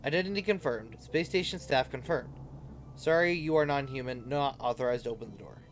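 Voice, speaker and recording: A man's voice: medium pitch, fairly quick, slight background noise, natural voice. A man voicing a stubborn little security robot in a video game, curt and official.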